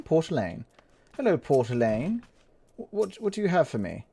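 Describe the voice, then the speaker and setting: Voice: medium pitch, huge pitch swings, moderate pace, darkish tone. A game player giving goofy, giggly, rambling casual commentary while playing an online role-playing game. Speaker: let's play gamer.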